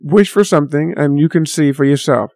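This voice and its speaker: A man's voice: on the high side, brisk, darkish tone, no room sound, clean studio sound, close to an everyday voice. A man voicing a surly male genie in a bowler hat, with clipped, matter-of-fact replies. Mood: curt.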